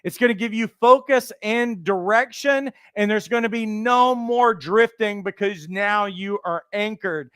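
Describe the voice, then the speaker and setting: A man teaches would-be coaches in an animated motivational talk, slipping into the voices he quotes. His voice sits high and comes across smooth and resonant. The sound is dry and close, with no room in it. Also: a little slow, hardly any pauses, dry recording. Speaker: life coach trainer.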